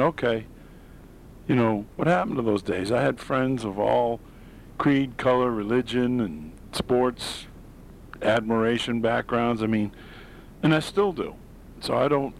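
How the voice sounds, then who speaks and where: A man with a very low, deep voice delivers a solo show monologue. He rambles and restarts, stacking "uh"s between blunt, sarcastic opinions. A faint low rumble sits behind him. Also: poor audio. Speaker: podcast host. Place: home in Maine.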